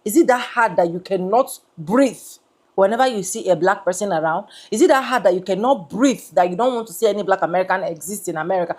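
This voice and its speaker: A woman's voice: mid-range voice, lively intonation, quick pace, darkish tone. A woman hosting a commentary channel, indignant, repeating rhetorical questions. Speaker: commentary host. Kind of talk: reaction commentary.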